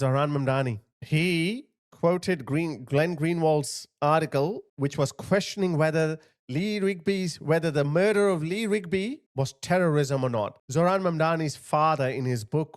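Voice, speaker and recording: A man's voice: a little high, no room sound, clean studio sound. A man hosting a commentary video, ranting in a heated, scornful way and repeating short jabs. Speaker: commentary channel host.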